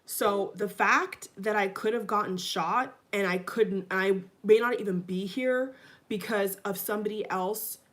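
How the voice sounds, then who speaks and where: A woman's voice: mid-range voice, measured pace, fairly bright tone. A woman vlogging into her phone in her kitchen, upset and agitated, repeating herself and swearing as she talks to her viewers. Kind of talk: casual vlog rant. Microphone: phone camera.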